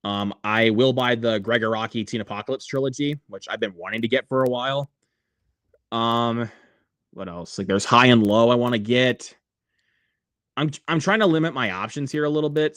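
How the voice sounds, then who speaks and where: A man's voice: medium pitch, a bit bright, dry recording, studio quality. A man hosting a casual livestream, rambling with many fillers and reading viewer comments aloud. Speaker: livestream host.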